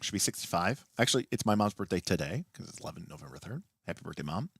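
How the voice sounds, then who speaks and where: A man with a fairly low voice hosting a late-night livestream, animatedly explaining tabletop rules and often restarting mid-sentence. His pitch moves around a lot, and the sound is dry and close. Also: expressive, fast, gravelly, a bit bright, husky, no echo. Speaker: livestream host and game master.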